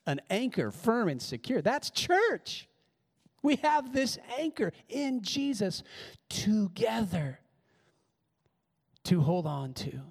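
A man's voice: a little high, a little mellow. A male pastor preaching a sermon, emphatic and repeating his key words. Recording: reverberant church hall.

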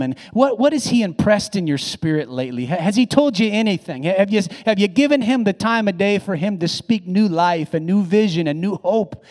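A high-voiced male pastor preaching to his congregation, with phrases that rise and swell as he presses each point. He often repeats and restarts words mid-sentence. His voice rings out with a long reverb in a big church hall. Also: a little mellow. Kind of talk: sermon.

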